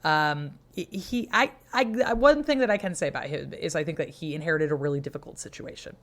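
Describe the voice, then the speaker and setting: A woman who is a medieval historian co-hosts a history podcast, chatting casually with wry, profane humor and sounding tired. She swears freely and acts out quotes, speaking briskly in a deep voice.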